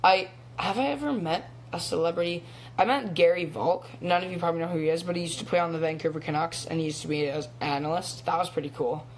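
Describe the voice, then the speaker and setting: Live-streaming on his phone, a young teenage actor chats casually at a quick pace in a fairly high, steady-toned male voice. He rambles, filling gaps with ums and little laughs.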